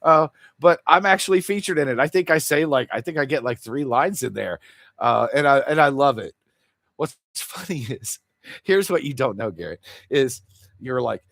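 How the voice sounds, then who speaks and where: A man hosting a livestream drifts from topic to topic in an earnest, confessional way. His pitch swings up and down a lot as he talks, and the recording is close and dry with no room sound. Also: lively intonation, normal speed, a bit bright, dry recording. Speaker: livestream host. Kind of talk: casual livestream chat.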